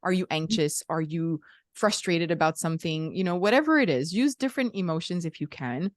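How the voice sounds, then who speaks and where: A woman's voice: lowish voice, lively intonation, a little fast, no echo, clean studio sound. A woman hosting a podcast, chatting earnestly and reflectively with a guest. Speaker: podcast host. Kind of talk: casual interview chat.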